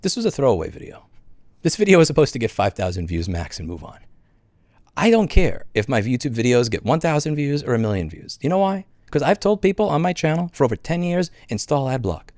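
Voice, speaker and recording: A man's voice: on the high side, darkish tone, no echo, clean studio sound. A man ranting hard on his own video channel, indignant and swearing as he talks. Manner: indignant, profane, fast ranting. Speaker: channel host. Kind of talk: angry vlog rant.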